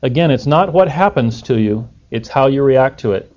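A man's voice: medium pitch, expressive, moderate pace, darkish tone. A man preaching a sermon in a conversational way, putting rhetorical questions to his listeners. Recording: dull lo-fi recording.

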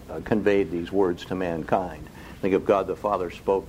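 A man preaching a sermon who keeps asking the congregation rhetorical questions and slows down to stress key phrases. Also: low voice, a little mellow, slight background noise, low-quality recording. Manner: slow, deliberate emphasis on key phrases.

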